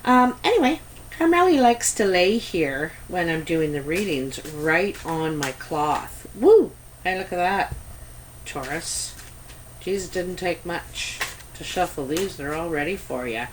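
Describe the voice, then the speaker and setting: A woman's voice: lowish voice, animated, measured pace, slight background noise, rough recording. A Canadian woman giving a casual tarot reading to camera, chatty and meandering, with many ums and asides. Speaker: tarot reader.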